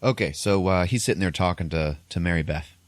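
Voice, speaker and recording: A man's voice: deep voice, fairly quick, no room sound, studio quality. A man hosting a podcast, casually retelling a movie's plot with lots of fillers. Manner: rambling, filler-heavy retelling. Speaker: podcast host. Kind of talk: casual chat, recapping a movie.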